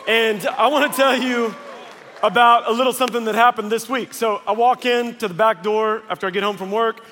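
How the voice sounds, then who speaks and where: Male pastor, high voice, lively storyteller preaching in a big reverberant church. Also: a little fast, a faint crowd, a little hiss or hum. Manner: animated storytelling with acted quotes. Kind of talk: sermon. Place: large church hall. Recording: long hall reverb.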